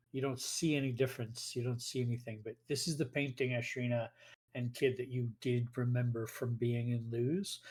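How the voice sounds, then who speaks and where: A man at mid pitch narrates a tabletop game as its game master. He describes scenes step by step and explains rules in a plain, matter-of-fact way, talking into a mic on a call. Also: a little mellow.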